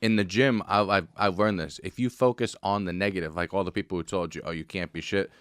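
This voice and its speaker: A man's voice: sits low, steady tone, fast, clean tone, no echo, clean studio sound. A man in a casual podcast chat, speaking bluntly and tersely about training. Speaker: podcast guest.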